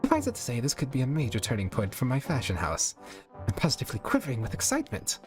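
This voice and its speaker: A man's voice: medium pitch, huge pitch swings, fast, faint music behind, voice pushed up. A man voicing a posh, dramatic adult mare who is a fashion designer, in a refined, theatrical manner. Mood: gushing.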